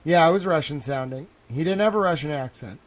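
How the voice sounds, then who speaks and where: Young male streamer talking from home, rambling and worked up, a touch high-pitched. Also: brisk. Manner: excitable, repeats himself, says "bro" and "like" a lot. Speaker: live streamer. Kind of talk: rambling live stream monologue.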